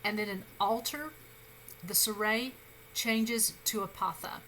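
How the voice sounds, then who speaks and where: A woman instructor talks through a recorded grammar lesson in a bright, clear voice. She is patient and reassuring and pauses on fillers and quick self-corrections. A faint room hum sits behind her. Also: medium pitch, low-quality recording. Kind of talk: recorded lecture.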